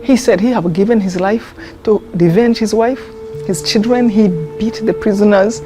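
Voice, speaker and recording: A woman, telling a personal story in a documentary interview, earnest and heartfelt, often pausing and restarting. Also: medium pitch, fairly even intonation, music in the background. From Rwanda. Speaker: interviewee, genocide survivor.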